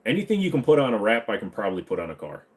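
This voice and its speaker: A man's voice: lowish voice, big pitch swings, very fast. Joking thirty-something man live-streaming. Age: 30s. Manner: loose, joking, swings between mumbled asides and loud hype. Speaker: live stream host answering chat.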